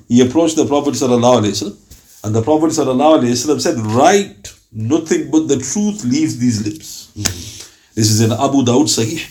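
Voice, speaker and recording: A man's voice: on the high side, darkish tone. Storytelling male Islamic lecturer. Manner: storytelling with acted-out quotes. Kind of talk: religious lecture.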